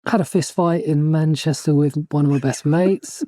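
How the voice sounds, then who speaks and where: A man's voice: fairly high pitch, normal speed, dark tone, no room sound, studio quality. A man telling band anecdotes in a casual podcast chat, often chuckling. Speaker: guest musician.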